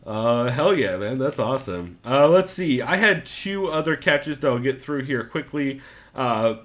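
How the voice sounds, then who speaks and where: Chatty male podcast co-host. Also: mid-range voice. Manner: animated, swears freely, quick interjections. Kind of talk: casual podcast chat.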